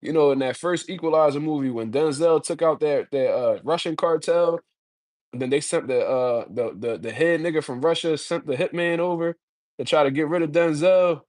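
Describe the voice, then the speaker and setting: A man's voice: on the high side, moderate pace, a little mellow, no room sound, clean studio sound. Blunt, slangy man ranting. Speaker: boxing commentator. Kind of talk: casual profane solo commentary.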